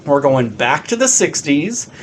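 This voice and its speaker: A man's voice: on the high side, sing-song, measured pace, slight background noise. A man co-hosting a podcast in casual chat, rambling with lots of "like" and a good deal of swearing. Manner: rambling, heavy on fillers and swearing. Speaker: podcast co-host.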